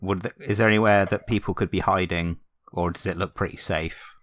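A man speaking as a player in a tabletop game, relaxed and thoughtful. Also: low voice, fairly quick, dry recording, studio quality.

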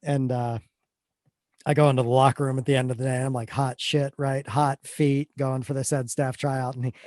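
A man co-hosting a podcast, telling stories in a casual, animated way and often repeating his words as he starts a sentence. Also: mid-range voice, fairly quick, dry recording, clean studio sound. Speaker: podcast co-host. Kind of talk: casual chat.

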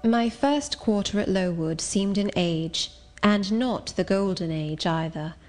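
A woman narrates an audiobook in a clear, measured and literary way. Her voice sits at a middle pitch, and faint music plays softly underneath. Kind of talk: scripted narration.

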